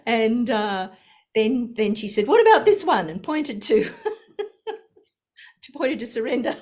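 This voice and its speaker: A woman's voice: on the high side, lively intonation, slow, long pauses, darkish tone. An older woman sharing a personal story, laughing often and acting out the voices in her quotes.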